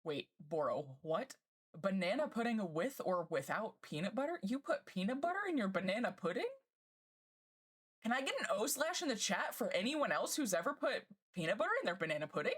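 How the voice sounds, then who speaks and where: A woman streamer chatting casually with her live chat, bubbly and gushing and quick to laugh. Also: mid-range voice, sing-song, slightly rough.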